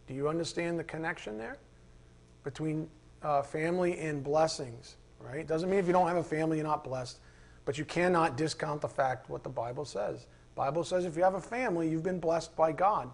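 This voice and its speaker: A man pastor preaching in a loose, conversational way, full of fillers and asides. His voice sits a bit higher than most men's, and he breaks off into heated, animated rants. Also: a little fast, creaky. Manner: rambling, informal, flares into animated rants. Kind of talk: conversational sermon.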